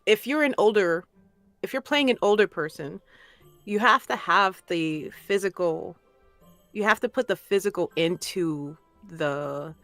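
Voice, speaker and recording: A woman who works as a voice narrator, chatting casually about her craft. She speaks in a thoughtful, self-conscious way. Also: lowish voice. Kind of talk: casual chat.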